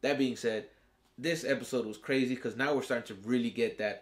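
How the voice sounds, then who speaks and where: A man's voice: medium pitch, brisk. Male host for a casual episode review, slangy and foul-mouthed, mid-range voice, acts out the characters' reactions.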